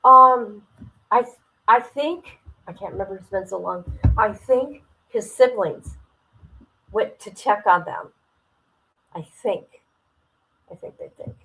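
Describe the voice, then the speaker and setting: A woman's voice: medium pitch, slow, long pauses, pushed and bright, rough recording. A woman streamer giving blunt live commentary on court footage, talking straight to her viewers.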